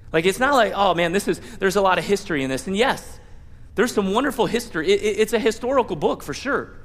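A man preaching a sermon as pastor, animated, playfully acting out prayers and Bible scenes. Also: a little high, in a large hall.

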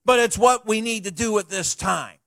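A middle-aged male pastor delivers a sermon in a folksy, animated style, slipping into chatty asides. His voice sits high for a man. The sound is dry and close, with little room echo. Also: normal speed, creaky. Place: church sanctuary.

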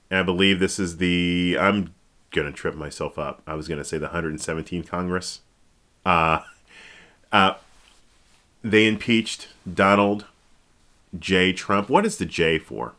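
A man with a very low voice hosts a casual podcast, talking slowly in a bright, forward tone. He rambles through the news with jokes and restarts, now and then jumping into high exclamations. He speaks into a podcast microphone. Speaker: podcast host. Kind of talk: casual political commentary.

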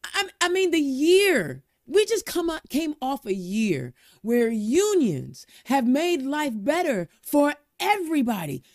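A woman's voice: sits high, sing-song, takes it slowly, hardly any pauses, a little mellow, dry recording, clean studio sound. A woman hosting a casual interview, playful and teasing with her guest. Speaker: show host.

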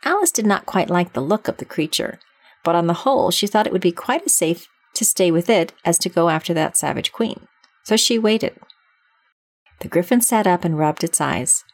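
A woman narrating a classic children's storybook in a measured, expressive reading. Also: fairly low pitch, dry recording.

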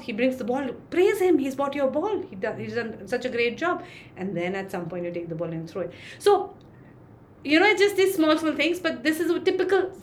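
A woman's voice: fairly high pitch, a little hiss or hum. A woman, a dog trainer answering interview questions and acting out little examples as she explains. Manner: explains with acted-out examples, many fillers.

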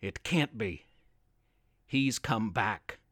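A frightened old grandfather, voiced by a man, calls out urgently and anxiously. The voice has a lively, swinging pitch and a dry, close sound. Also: slow, dry recording, exaggerated voice. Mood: fearful.

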